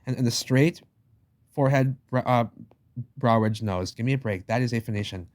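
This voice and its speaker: A man's voice: mid-range voice, moderate pace, darkish tone. A man giving a rambling, emphatic commentary over book pictures, repeating himself, swearing casually and using slangy asides. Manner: slangy, addresses listener as "baby". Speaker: channel host.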